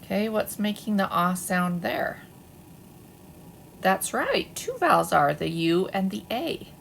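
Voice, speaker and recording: A woman's voice: medium pitch, lively intonation, vocal fry, slight background noise. A woman teacher giving a patient phonics lesson to second graders, asking them to repeat words after her. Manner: slow, patient, asks children to echo words. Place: at home, away from school.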